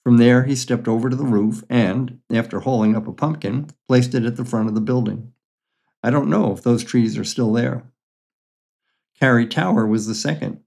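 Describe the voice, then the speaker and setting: A man's voice: mid-range voice, normal speed, gravelly, darkish tone. An older man reading his own memoir stories aloud in a dry, matter-of-fact, wry way. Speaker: memoir storyteller.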